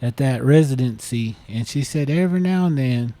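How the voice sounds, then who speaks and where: A man's voice: mid-range voice, animated, normal speed, warm tone, no echo. A man co-hosting a podcast, casually retelling a listener's story with lots of fillers and restarts. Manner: rambling, many fillers. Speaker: podcast co-host.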